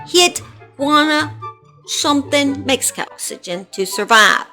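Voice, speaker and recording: Slow-talking Southern woman, bright voice. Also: on the high side, animated, soft background music. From Southern United States. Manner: folksy and chatty, says y'all. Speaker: host. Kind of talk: casual true-crime storytelling.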